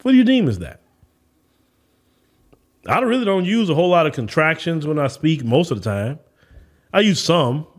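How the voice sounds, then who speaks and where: A man's voice: a little high, big pitch swings, moderate pace, long pauses. A man with a Southern US accent hosting an opinion podcast, talking in a preachy, emphatic, lecturing way. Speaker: podcast host.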